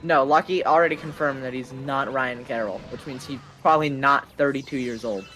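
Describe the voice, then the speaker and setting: A man's voice: mid-range voice, brisk, bright, forceful tone, faint music behind. Joking male speedrunner mid-stream. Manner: joking, offhand, teasing. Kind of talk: casual chat while gaming.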